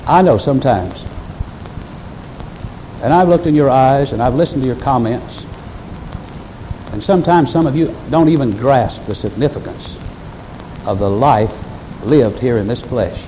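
A man's voice: mid-range voice, expressive, unhurried, long pauses, dark tone, a little hiss or hum, rough recording. A male pastor preaching a sermon earnestly and emphatically, speaking straight to his congregation.

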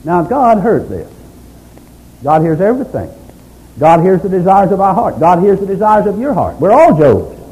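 A man's voice: on the high side, mellow, slight background noise, low-quality recording. A man preaching a sermon, emphatic, stacking up repeated phrases.

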